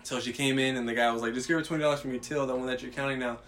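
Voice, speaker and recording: A man's voice: mid-range voice, steady tone, very fast, a bit bright, soft background music. A young man casually telling a profane workplace story, acting out the quotes as he goes.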